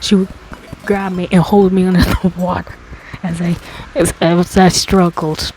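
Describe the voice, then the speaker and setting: A woman's voice: level tone, unhurried, a little mellow, a little hiss or hum, rough recording. Rambling woman telling a storytime. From America. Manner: rambling with many restarts and fillers; exasperated, rises high when complaining. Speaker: storytime host. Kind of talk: casual storytime monologue.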